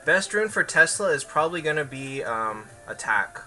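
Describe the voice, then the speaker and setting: A man's voice: a little high, very animated, normal speed, sharp tone. A man streaming a game and answering viewers in casual, hesitant chat full of fillers, with faint music behind.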